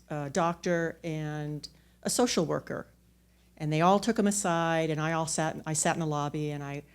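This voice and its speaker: A woman telling a personal story on a theater stage into a microphone, candid and self-mocking, often restarting her words. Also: deep voice.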